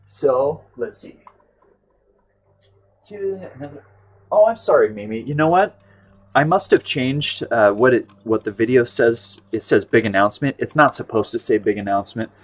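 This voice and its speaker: An American man in his thirties hosts a live art stream, chatting and rambling casually while he paints. He often trails off and restarts, speaking at a moderate pace in a mid-range voice.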